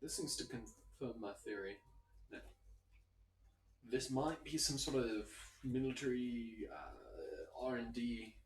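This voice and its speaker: A man playing a tabletop game, speaking in a thoughtful, measured way. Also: medium pitch, expressive, a little hiss or hum. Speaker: player. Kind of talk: casual tabletop game chat. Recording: echoey room.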